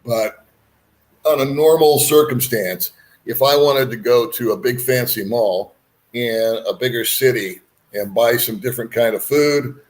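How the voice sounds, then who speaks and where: A man's voice: medium pitch, measured pace. Chatty, frank male host. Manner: rambling, frank, folksy asides. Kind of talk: casual chat.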